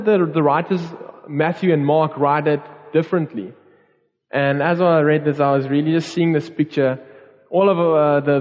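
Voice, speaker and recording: Pastor guy preaching, slightly high voice, long hall echo, kinda dull sound. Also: darkish tone. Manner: earnest preaching with repeated phrases and restarts. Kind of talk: sermon. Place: church hall.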